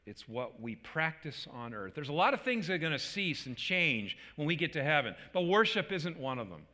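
Man, pastor, sermon, bright tone, long hall reverb. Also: a little high, sing-song, moderate pace. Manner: earnest preaching with restarts, rising to emphatic peaks.

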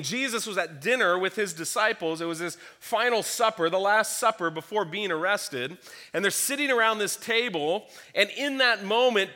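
A man's voice: sits high, sharp tone. A man preaching a sermon, earnestly teaching through a scripture passage and reading verses aloud. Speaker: pastor.

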